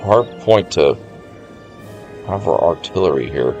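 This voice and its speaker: Low-voiced man musing through a strategy game. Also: animated, measured pace, mellow, lo-fi sound. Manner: thinks aloud, musing to chat. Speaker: game streamer. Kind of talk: casual gameplay commentary. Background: faint game music.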